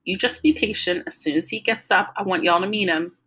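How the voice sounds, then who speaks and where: A woman's voice: medium pitch, a little fast, fairly bright tone, slightly rough. A woman voicing an old Southern grandmother with a firm, emphatic drawl while reading a novel aloud. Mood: bossy.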